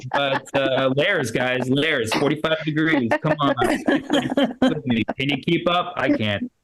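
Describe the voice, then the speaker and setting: A man's voice: a little high, lively intonation, fairly bright tone. Rambling man doing a stand-up set. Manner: rambling, filler-heavy, puts on quick voices for quoted people. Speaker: stand-up comedian. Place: small comedy club.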